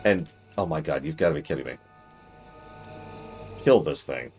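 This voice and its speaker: A man streaming a game, commenting live and exasperatedly scolding the characters on screen, switching between loud outbursts and low muttering. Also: lively intonation, moderate pace, soft background music.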